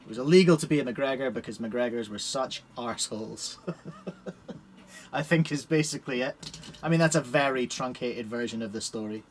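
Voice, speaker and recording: A man's voice: mid-range voice, fairly quick, a little hiss or hum. A man with a Scottish accent chatting casually on a live stream while setting up puzzle cubes in a shed. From Scotland. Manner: chatty, cheerful, talks while working with his hands.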